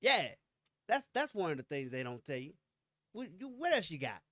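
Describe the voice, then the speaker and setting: A man's voice: a little high, big pitch swings, normal speed, sharp tone, no echo, studio quality. A man co-hosting a podcast, swapping playful stories in casual chat and acting out little quotes. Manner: playful, chatty storytelling with put-on quotes. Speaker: podcast co-host.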